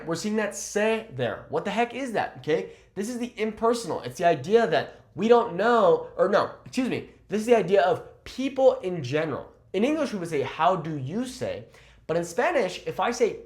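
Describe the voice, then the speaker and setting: A man teaching a casual video lesson. He checks in with "okay?" again and again and slows down to model phrases. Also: sits high, big pitch swings, reverberant. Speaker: Spanish teacher.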